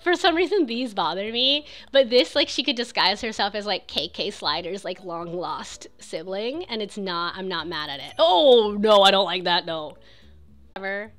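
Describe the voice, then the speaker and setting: A young woman chatting excitedly while streaming a video game, full of "like" and quick reactions. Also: mid-range voice. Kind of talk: casual game streaming chat.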